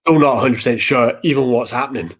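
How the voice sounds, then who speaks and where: A man hosting a podcast talks about grief quickly in a medium-pitched voice, in a casual, rambling way. He repeats words often and acts out conversations he once had.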